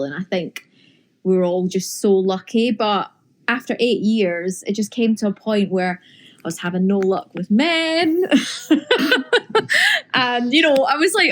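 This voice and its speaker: Woman in her 30s, bubbly podcast guest, giggles a lot, mid pitch. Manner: bubbly, laughs often. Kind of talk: casual interview chat.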